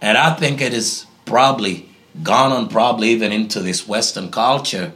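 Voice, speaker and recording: This guest pastor, a man from Africa, responds to an interviewer as though preaching, at an ordinary pace. His voice is on the low side, bright and forceful, and he hammers points home by repeating important phrases.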